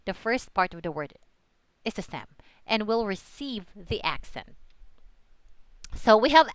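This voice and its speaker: A woman's voice: mid-range voice, big pitch swings, a little slow, clean tone, no echo, poor audio. A young woman giving a recorded English pronunciation lesson, spelling out letters and repeating example words. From Philippines. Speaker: student presenter.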